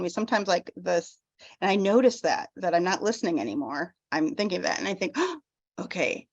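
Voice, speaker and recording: A woman chaplain teaching a talk on self-compassion in a gentle, unhurried way, often restarting her phrases. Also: mid-range voice, no echo. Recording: dull lo-fi dry sound.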